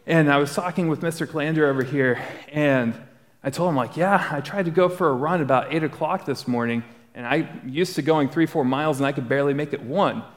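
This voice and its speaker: A man preaching a sermon in a conversational way, slowing down to stress key points. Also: on the high side. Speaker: pastor. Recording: long hall reverb.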